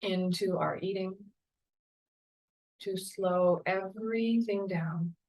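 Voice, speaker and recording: A woman yoga teacher leading a guided meditation in a slow, calm, soothing way. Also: mid-range voice, low-quality recording. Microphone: camera mic, seated on a chair.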